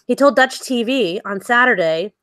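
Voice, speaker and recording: A woman's voice: fairly high pitch, animated, normal speed, fairly bright tone, no room sound. Giggly woman, dry close sound. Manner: giggly, reads stories aloud with laughs. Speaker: podcast co-host reading news. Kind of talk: casual chat.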